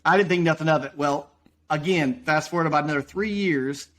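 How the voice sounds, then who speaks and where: Male podcast guest, folksy rambling storyteller, voice sits a touch high. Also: fairly bright tone. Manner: folksy, rambling, quick to act out quotes. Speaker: podcast guest, roofing business owner. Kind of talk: casual storytelling.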